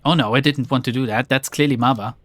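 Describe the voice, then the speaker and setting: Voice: mid-range voice, fast, dry recording. A streamer giving casual let's play commentary in an exasperated, sarcastic tone, often swearing.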